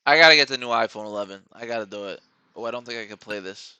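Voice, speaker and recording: A man's voice: on the low side, rapid-fire, bright, forceful tone, clear, resonant tone, no room sound, muffled recording. A man hosting a live trading stream, rambling casually to his viewers while watching charts.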